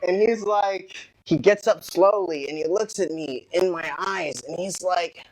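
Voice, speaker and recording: A young man doing a stand-up comedy set, telling stories with animated delivery and bursts of shouting in quoted rants. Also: high voice, unhurried, poor audio. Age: young adult.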